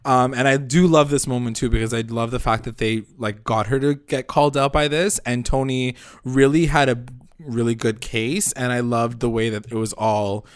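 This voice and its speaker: A man co-hosting a casual recap chat, talking fast and loose and slipping into the characters' lines as he retells scenes. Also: medium pitch, no room sound, clean studio sound. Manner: animated, acts out characters' lines mid-story. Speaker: podcast co-host.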